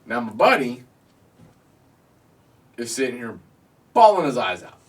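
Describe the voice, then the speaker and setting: A man's voice: medium pitch, very animated, measured pace, recorded from a distance. A man hosting a podcast, telling a crude story from his youth in casual chat, swearing and laughing often. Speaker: podcast host.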